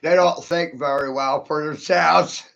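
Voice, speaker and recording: A man's voice: on the high side, fairly even intonation, a little slow, creaky, a bit bright. A man delivering a rambling, profane monologue, swearing freely, laughing often and asking "right?" after his points. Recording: dull lo-fi recording.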